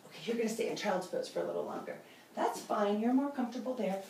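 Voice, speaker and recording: A woman's voice: medium pitch, quick pace, a little mellow, slight background noise. A woman leading a children's yoga class in a playful, encouraging, sing-song way. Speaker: kids yoga teacher. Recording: roomy, from a distance, faint ambience.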